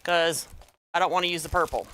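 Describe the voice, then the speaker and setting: A woman's voice: fairly low pitch, fairly even intonation, a little fast, a bit bright, clear, resonant tone. A middle-aged woman with a Southern US accent hosting a crafting tutorial, folksy and wisecracking, calling her viewers y'all.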